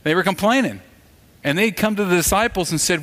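A pastor with a high, fairly bright voice preaches a sermon a little fast. His style is conversational and storytelling, and he acts out the voices of the people in his stories.

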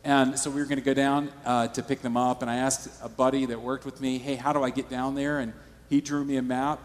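A man's voice: medium pitch, little pitch movement, fairly quick, in a large hall. A male pastor preaching a sermon in a church, conversational and storytelling.

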